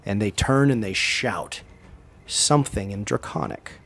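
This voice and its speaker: A man's voice: on the low side, measured pace, gravelly, fairly bright tone. A man narrating scenes as game master of a tabletop role-playing game.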